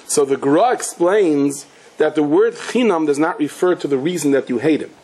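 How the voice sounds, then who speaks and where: A man teaching a Torah class as a rabbi, telling stories in a conversational way and scattering Hebrew and Yiddish terms through his English, his pitch climbing when he presses a point. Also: normal speed, darkish tone, husky, low-quality recording. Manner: conversational storyteller, rises in pitch when driving a point home.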